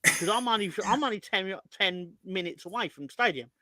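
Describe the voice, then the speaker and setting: A man's voice: sits high, fairly quick, bright, forceful tone, a little hiss or hum. A man co-hosting a football chat, amused and wry, with casual swearing. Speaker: co-host.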